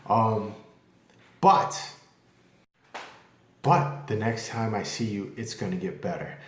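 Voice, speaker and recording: A man's voice: fairly low pitch, normal speed, slight background noise. A man vlogging casually at home, talking candidly and rambling, with occasional cursing. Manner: rambling, candid, curses freely. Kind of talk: casual vlog talk to camera. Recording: echoey room.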